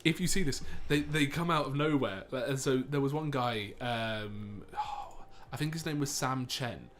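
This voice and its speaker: A man's voice: medium pitch, unhurried, a bit bright. Casting: male co-host, casual banter, mock posh radio voice that jumps around, faint room noise. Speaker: podcast co-host. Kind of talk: casual improvised chat.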